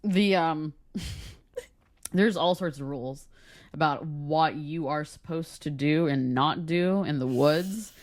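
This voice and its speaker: Low-voiced woman chatting on a podcast, laughs a lot, swears casually, dry close sound. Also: slow, a little mellow, no echo. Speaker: podcast co-host. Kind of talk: casual chat.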